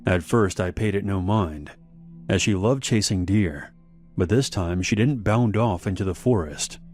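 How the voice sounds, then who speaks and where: A man with a very deep, low voice reads a horror story in a steady, unhurried manner. Faint music plays quietly beneath his narration.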